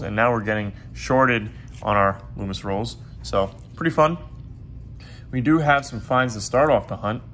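A man hosting a casual coin roll hunting vlog, chatty and quick to get excited, who is losing his voice. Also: fairly low pitch, slight background noise. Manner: chatty, excitable when surprised. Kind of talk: casual hobby vlog narration.

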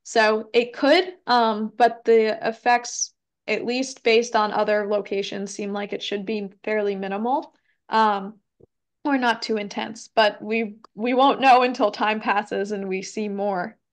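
A woman's voice: mid-range voice, fairly even intonation, measured pace. A young woman giving a casual educational presentation and answering questions, with frequent ums and hedging. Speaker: environmental educator giving a talk.

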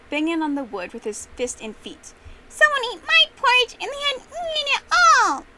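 A young woman telling a memorized story with expressive, animated narration. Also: high voice, heavy background noise. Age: young adult.

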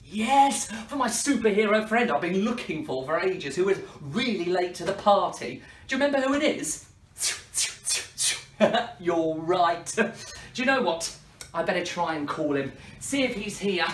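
Silly party entertainer guy, slow and bouncy, chatting with the kids, echoey room, mic far off. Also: high voice, big pitch swings. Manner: playful, mock-dramatic, talks to the children. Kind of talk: kids' party performance. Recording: roomy, from a distance.

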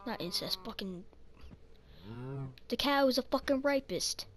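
This let's-play features a gaming channel host who mutters slowly to herself and swears frequently while playing. Her voice sits high and is expressive, over a light hiss or hum.

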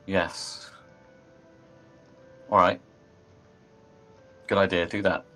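A man's voice: low voice, little pitch movement, extremely slow, pushed and bright, soft background music. A man playing in a tabletop game, making short, wry remarks. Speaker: player. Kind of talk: casual chat in a tabletop game.

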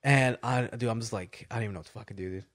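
A man co-hosting a podcast, telling a story in casual, animated chat full of swearing and "dude". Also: mid-range voice, racing. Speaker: podcast co-host.

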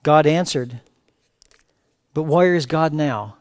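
A male pastor preaching an impassioned sermon, swinging between raised emphatic phrases and hushed, low lines. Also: unhurried, no room sound, studio quality.

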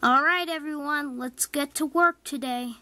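A stout railway boss barks orders and scolds his engines in a homemade toy train story, as a woman puts on his voice. The voice sits fairly high and moves at an unhurried pace. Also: bright, forceful tone. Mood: bossy. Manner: commanding, scolding. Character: stout bossy railway controller, man.

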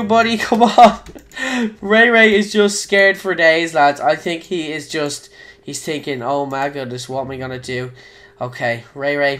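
Young irish guy yelling over his game, excitable, goes from mumbly to shouty. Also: high voice. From Ireland. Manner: excitable, swings from muttering to shouting. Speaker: gaming YouTuber. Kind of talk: excitable live gameplay commentary.

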